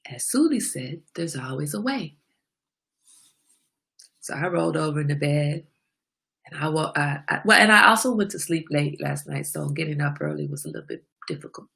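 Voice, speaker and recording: Bright, gravelly-voiced woman, animated. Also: sits low, normal speed. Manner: candid, preachy, animated self-talk. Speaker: host. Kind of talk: casual motivational monologue.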